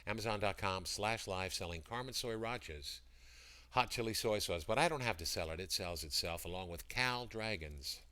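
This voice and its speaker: Deep-voiced man rambling on a livestream. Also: moderate pace, sharp tone, clear, resonant tone. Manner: rambling, greets chat viewers by name, breaks into sung jingles. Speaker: livestream seller. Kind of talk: casual livestream chat. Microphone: computer mic.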